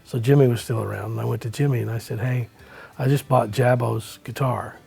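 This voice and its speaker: Gravelly older man. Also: mid-range voice, brisk, soft background music. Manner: relaxed storyteller, folksy with many "you know"s. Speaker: country musician, interview guest. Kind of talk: storytelling in a casual interview.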